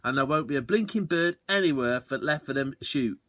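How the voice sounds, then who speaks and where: A man's voice: mid-range voice, expressive, fairly quick, a bit bright, no room sound, clean studio sound, natural voice. A man voicing a sly, toothless old male taxi driver and poacher who chuckles and talks in folksy country speech. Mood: gleeful.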